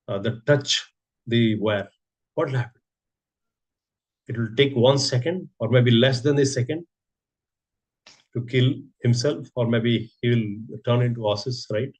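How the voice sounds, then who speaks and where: A man's voice: mid-range voice, measured pace, long pauses, darkish tone. A man giving a sermon, telling a story and asking rhetorical questions. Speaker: preacher giving a scripture class.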